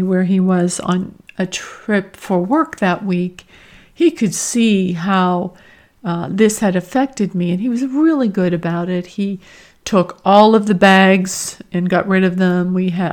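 A woman's voice: mid-range voice, a little mellow. A middle-aged woman hosting her own podcast as a career coach, speaking earnestly and from the heart in a reflective personal monologue. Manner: slow, earnest and heartfelt, with emotional emphasis.

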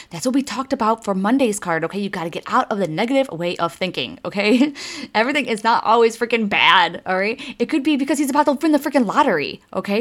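Woman, 30s, slightly low voice; chatty, emphatic card-reading host who talks right at the audience. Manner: chatty and emphatic, swears mildly, addresses listeners directly. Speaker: spiritual card reader, podcast host. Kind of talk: casual oracle card reading monologue.

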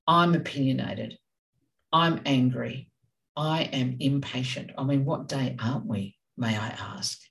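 Woman co-host, gravelly and direct, passionate delivery, off-mic sound. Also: a bass voice, a little slow, distant mic, rough recording. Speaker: parenting podcast co-host. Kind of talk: casual discussion.

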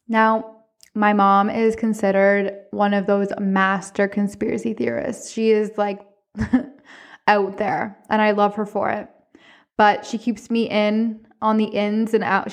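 A woman hosting a podcast, telling a personal ghost story in a chatty, animated way. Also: mid-range voice. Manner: chatty, animated retelling with profanity. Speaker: podcast host. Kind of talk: casual storytelling monologue.

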